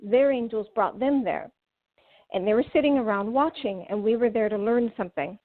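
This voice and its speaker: Woman guest telling a story, kinda high voice, tinny phone sound. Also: moderate pace. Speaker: guest author. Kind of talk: casual storytelling over phone.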